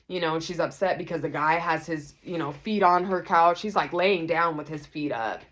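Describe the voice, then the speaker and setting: Low-voiced woman telling a storytime. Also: normal speed, a bit bright. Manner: chatty, full of fillers and asides to viewers. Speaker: vlogger. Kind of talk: storytime vlog, casual chat.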